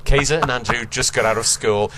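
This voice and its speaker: A man's voice: medium pitch, a little fast, noisy background. A male podcast host reading fan fiction aloud, laughing, swearing and stopping to mock the text.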